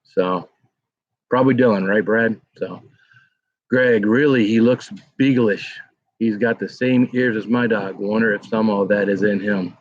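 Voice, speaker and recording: A man's voice: lowish voice, a little slow, no room sound. A middle-aged man hosting a live stream from home, chatting casually and rambling with lots of fillers as he reads viewer comments. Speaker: livestream host. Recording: dry, dull lo-fi sound.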